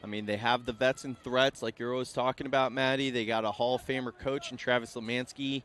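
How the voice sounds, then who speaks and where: A man from Rhode Island doing live play-by-play commentary, calling the action quickly and energetically. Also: medium pitch, steady tone, fairly bright tone. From Rhode Island, US Northeast.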